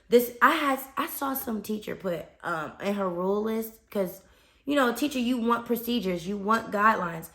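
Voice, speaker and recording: This young American fifth grade teacher speaks at a measured pace in a voice on the high side, offering lively, casual podcast advice. She peppers it with "okay?" check-ins, and the room sounds echoey.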